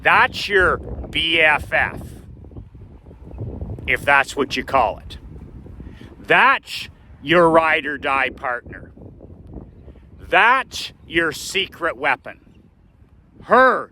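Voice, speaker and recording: A man's voice: medium pitch, unhurried, sharp tone, a little hiss or hum, low-quality recording. A man voicing his stern father, an older man who bluntly scolds his son. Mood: stern lecturing. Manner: blunt, lecturing, emphatic.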